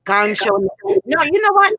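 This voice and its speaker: A woman's voice: sits high, big pitch swings, moderate pace, sharp tone, dry recording. A woman in casual chat, telling rambling stories with lots of fillers. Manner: rambling, chatty storyteller with many fillers.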